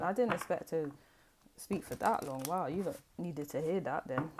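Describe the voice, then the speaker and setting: A woman's voice: deep voice, measured pace, pauses often, background noise. A young woman giving a tarot reading in a chatty, slangy, rambling way. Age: young adult. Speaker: tarot reader. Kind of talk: casual tarot reading to camera.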